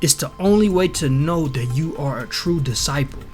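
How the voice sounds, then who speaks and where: A man reading the lines of a boastful male false god who demands tribute, in a slow, plain, grandiose delivery. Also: a little high, a little mellow, faint music behind, lightly acted. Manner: grandiose, read slowly and plainly.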